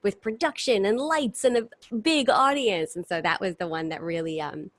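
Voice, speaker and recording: A woman's voice: medium pitch, normal speed, dry recording. A woman in her thirties, a stage performer, chatting animatedly about her career in a casual interview over a video call. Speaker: guest performer.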